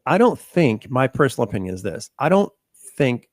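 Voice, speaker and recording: A middle-aged man speaks earnestly in a candid conversation, stumbling over and repeating words as he restarts his sentences. His voice sits at an ordinary pitch, and the recording is dry with no room echo. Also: very animated, a little fast. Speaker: podcast host.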